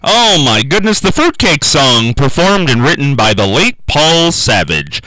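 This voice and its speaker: A radio show host, a man with a bright, forward voice that swings up and down a lot as he talks. He chats folksily and repeats his phrases for emphasis, in a dry studio with no room sound. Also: medium pitch, very animated, unhurried, dry recording, faint music behind, rough recording. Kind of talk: radio talk show monologue.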